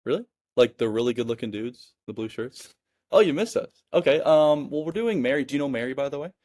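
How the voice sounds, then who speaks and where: A man's voice: a little fast, a little mellow, natural voice. A young man in his twenties acting out a chirpy, upbeat window cleaner greeting a homeowner at the door. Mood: breezy. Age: 20s. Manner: chirpy doorstep greeting, higher and breezier than his own talk.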